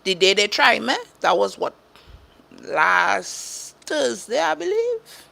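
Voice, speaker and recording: A woman's voice: mid-range voice, big pitch swings, slow, gravelly, sharp tone. A woman from Trinidad with a Trinidadian accent, a caregiver talking bluntly and profanely on a casual livestream, repeating her points for emphasis.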